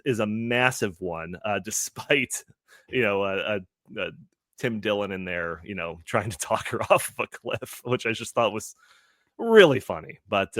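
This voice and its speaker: A man's voice: fairly low pitch, a bit bright, no room sound, clean studio sound. A man talking as a panelist on a podcast, explaining at length in casual chat with many fillers. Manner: rambling, filler-heavy explaining.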